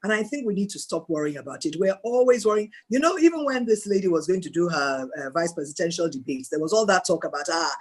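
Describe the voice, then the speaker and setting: Nigerian woman chatting fast on a video call, kinda husky, tells stories and does the voices. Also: lowish voice. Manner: animated storytelling, acts out dialogue. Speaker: guest speaker and board chair. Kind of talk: mentoring talk on a video call.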